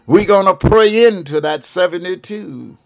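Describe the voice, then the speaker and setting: Old Southern preacher man, high, slow. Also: vocal fry, soft background music. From Georgia, US. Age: 70s. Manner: preachy, repeats "what I'm saying", calls out "yes ma'am, yes sir". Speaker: televangelist prophet. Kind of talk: fervent televangelist appeal. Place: broadcast studio.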